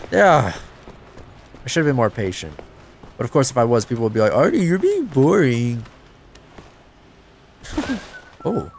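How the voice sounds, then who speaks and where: A man giving casual let's-play commentary, excitable, talking to himself and swearing, with sudden yelps of surprise. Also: medium pitch, a little hiss or hum. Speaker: gameplay commentator.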